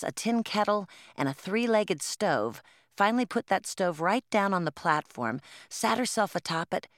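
A woman's voice: on the low side, gravelly, no room sound, studio quality. A woman narrating an audiobook in first person, telling a plain story in the voice of a twelve-year-old girl.

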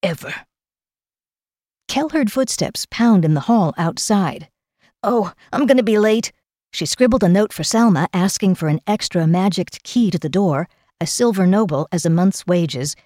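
A woman narrating an audiobook in a measured storytelling manner. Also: fairly low pitch, expressive, warm tone, dry recording, clean studio sound. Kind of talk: scripted narration.

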